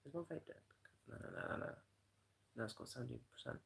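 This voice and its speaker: A man's voice: mid-range voice, huge pitch swings, fast, creaky, rough recording. A British man chatting loosely on a live stream, rambling and swearing, with lots of "you know". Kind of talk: rambling casual livestream chat.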